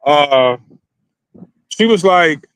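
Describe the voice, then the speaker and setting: Man, casual storytelling, high pitch, rambling, dry recording. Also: animated, extremely slow, fairly bright tone, clear, resonant tone, no echo. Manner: rambling, repetitive, crude. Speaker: vlogger.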